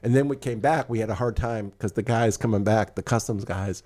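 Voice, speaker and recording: Retired man telling a lively story. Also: on the low side, brisk. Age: older. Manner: animated, acts out dialogue in storytelling. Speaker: podcast co-host. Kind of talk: casual storytelling chat.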